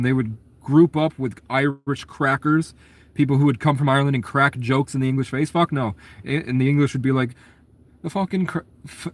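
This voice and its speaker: A man delivers a swearing, conspiratorial monologue in a middle-pitched voice. He leaps from idea to idea, speeding up in restless bursts and then trailing off. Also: no echo. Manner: profane, conspiratorial rant, jumps between ideas. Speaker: documentary subject. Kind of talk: rambling monologue.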